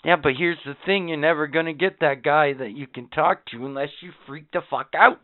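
A man's voice: a little high, fairly quick, no room sound. Man ranting profanely on a podcast. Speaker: podcast co-host. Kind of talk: casual chat. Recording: tinny phone-like sound.

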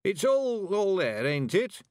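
A man's voice: a little high, sing-song, unhurried, dry recording, clean studio sound, pitched above the performer's own voice. A man voicing an anxious, suspicious old countryman with a burr.

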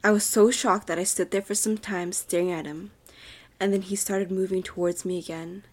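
A young woman with a soft, breathy voice reads a creepy story aloud for a podcast. She drops to a near whisper whenever the tension builds. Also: mid-range voice, fairly even intonation, normal speed. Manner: drops to a whisper at tense moments. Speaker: podcast co-host reading a story. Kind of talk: dramatic horror story reading.

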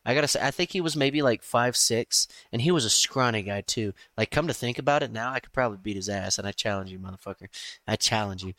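Blunt profane man with a low, dry voice. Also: quick pace, fairly bright tone, no echo. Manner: blunt, profane, self-mocking. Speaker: army veteran. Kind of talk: casual podcast chat.

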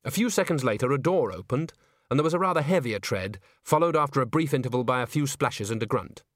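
A man reading a comic fantasy story aloud in wry, measured scripted narration. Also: medium pitch, animated, no room sound, clean studio sound. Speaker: audiobook narrator.

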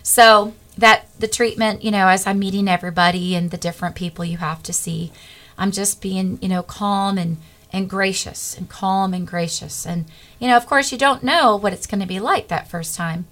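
A middle-aged woman, a guest, telling a personal faith testimony in an earnest, animated way. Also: medium pitch, normal speed.

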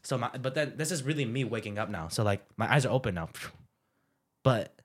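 A man's voice: mid-range voice, lively intonation, fairly quick, slightly rough. A young man telling stories in a casual chat with friends, slangy and laid-back, laughing often. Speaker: podcast co-host.

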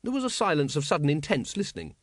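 A man reading an audiobook aloud in a measured, dry way. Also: on the high side, big pitch swings, dry recording. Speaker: audiobook narrator. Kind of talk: scripted audiobook narration.

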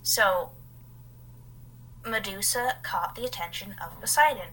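A woman's voice: medium pitch, a little slow, pushed and bright, breathy edge, low-quality recording. A woman co-hosting a podcast, telling a story in a casual, rambling way as she reads from her notes and adds asides. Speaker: podcast co-host.

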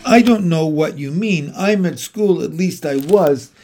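A man voicing a sulky, proud schoolboy who calls out loudly and stammers awkwardly. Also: fairly high pitch, measured pace, lightly acted.

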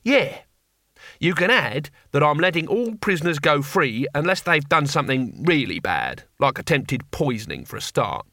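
Cast: a man playing an old barbarian, gruff, blunt and coarse, lively and bright, audiobook. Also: a little high, normal speed, no echo, clean studio sound, exaggerated voice. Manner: gruff, plain-spoken, rambling.

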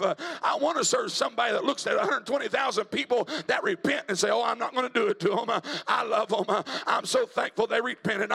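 A male evangelist, preaching a sermon in a church, moving from quiet talk to shouted preaching. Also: very high voice, gravelly, slightly rough. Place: church sanctuary.

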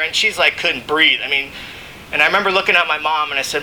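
A man with a very bright, forceful voice and a fairly high pitch tells his recovery story to a meeting. He talks in a loose, conversational way, circling back, filling gaps with "you know what I mean" and breaking into laughs. A faint low rumble sits under the recording. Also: fairly quick, rough recording. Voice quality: emotional, laughs between lines. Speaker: recovering alcoholic speaker. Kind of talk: AA share, speaking to a meeting.

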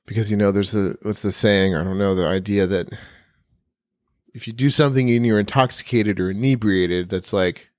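A man co-hosting a casual podcast, telling stories with an easygoing, joking manner. His voice is low-pitched and recorded close and dry, with no room around it. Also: moderate pace, darkish tone, no room sound. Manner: easygoing, jokey storytelling. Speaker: podcast co-host. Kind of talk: casual chat.

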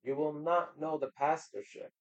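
Halting preachy man, muffled sound. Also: on the high side, steady tone. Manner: halting, preachy, repeats words. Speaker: podcast guest. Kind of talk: casual faith podcast chat.

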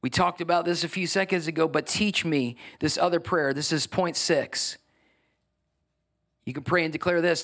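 A man preaching a sermon, building to emphatic, energetic exhortation. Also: medium pitch. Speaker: pastor.

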